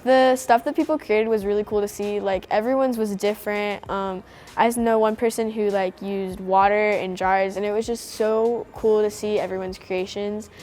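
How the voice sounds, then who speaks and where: A woman's voice: medium pitch, fairly even intonation, normal speed, a little mellow, faint music behind. A teenage girl student talking in an interview in a bubbly way with many likes. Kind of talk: interview soundbite.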